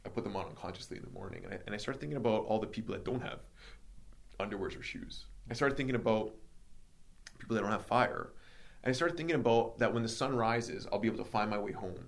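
A man hosting a podcast, telling a personal story in casual chat, animated and acting out the dialogue with many fillers. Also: lowish voice, fast talker, vocal fry.

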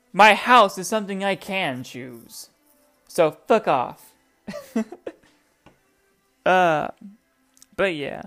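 A young woman hosting a podcast in casual chat, profane, excitable and rambling, talking into a desk microphone. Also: on the low side. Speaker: podcast host.

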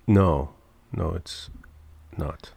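Low, gravelly non-native English speaker. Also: male voice, drawn-out words, a little mellow, no room sound. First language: not English. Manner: dry, teasing about pronunciation. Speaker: podcast co-host. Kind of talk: casual chat.

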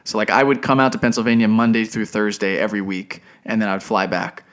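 Talking fast in a fairly low voice, this young podcast co-host shares a personal story in casual conversation. He's animated, performing the voices of the people he quotes.

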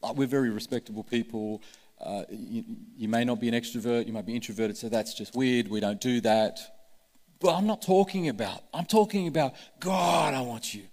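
A man's voice: mid-range voice, brisk, darkish tone. A man preaching a sermon with passion, acting out the voices he quotes. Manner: impassioned, acts out quoted voices. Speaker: pastor. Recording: long hall reverb.

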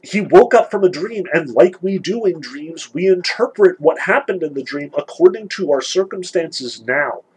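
A man lecturing on a novel, animated, sarcastic and emphatic, reading passages aloud. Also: on the high side, normal speed, few pauses, slightly rough, rough recording. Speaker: literature lecturer.

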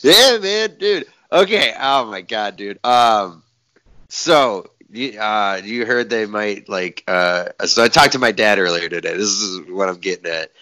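A man's voice: fairly low pitch, lively intonation, unhurried, sharp tone, no room sound. A young man co-hosting a podcast in casual chat, laid-back, swearing often and laughing a lot. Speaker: podcast co-host.

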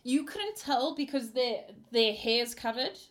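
Lady game master narrating, higher voice, says sorry a lot. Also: lively intonation, unhurried. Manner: apologetic, laughs often.

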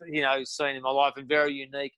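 A man's voice: medium pitch, completely flat delivery, fast talker, pushed and bright, clean tone, dry recording, rough recording. A man with an Australian accent telling stories as a podcast guest, rambling with lots of restarts and fillers. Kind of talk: casual storytelling.

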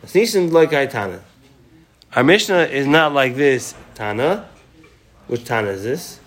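A man leads a relaxed Talmud class. He quotes passages in Aramaic and Hebrew, then explains them in easygoing, conversational English. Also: mid-range voice, a little slow. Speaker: Talmud teacher.

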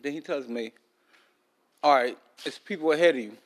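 This man hosts a podcast and spins a long, loose, rambling tale, his speech shaped by a loose tooth and peppered with fillers and restarts. He has a highish voice and speaks at normal speed.

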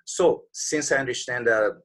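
A man's voice: medium pitch, unhurried, a bit bright. A man in his forties, a podcast guest, telling a motivational story in an earnest, conversational way and acting out his own doubting inner voice. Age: 40s.

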